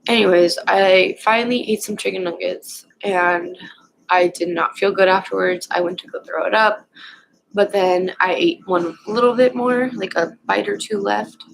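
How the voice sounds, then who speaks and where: A young woman vlogger casually telling a personal story at home, rambling and halting with lots of fillers. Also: mid-range voice, fairly even intonation, vocal fry, a little hiss or hum, poor audio.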